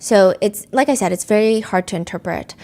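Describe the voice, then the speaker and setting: A woman's voice: mid-range voice, brisk, darkish tone. A woman hosting a true crime show, earnestly retelling court testimony and reading text messages aloud. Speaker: host.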